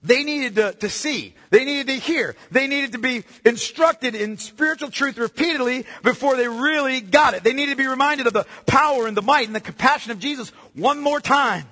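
A man preaching a sermon, animated, calling listeners "beloved" and sometimes dropping to a hush. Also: very high-pitched, normal speed, hardly any pauses. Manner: animated preaching, addresses listeners as beloved, drops to hushed tones. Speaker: pastor. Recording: long hall reverb.

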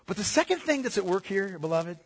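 A man preaching a sermon with a high, lively, bright voice that swoops from hushed lows to ringing peaks. His tone is a little husky, and the sound carries a long reverb from the sanctuary he speaks in. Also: brisk. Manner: animated preaching, addresses listeners as beloved, drops to hushed tones. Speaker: pastor.

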